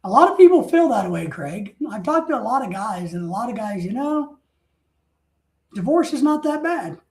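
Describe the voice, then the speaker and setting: Man, high voice, lively pitch, rambling storyteller, echoey room. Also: moderate pace. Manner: talkative, wanders off topic; exclaims in mock outrage. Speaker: streamer. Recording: roomy echo.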